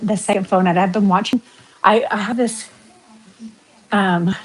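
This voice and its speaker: Middle-aged woman, West Coast American accent, rambling livestream chatter at an average pitch. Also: a little mellow, poor audio. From western United States. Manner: chatty, rambling, reads out viewer comments. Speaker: livestream vlogger. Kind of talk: casual livestream chat while walking.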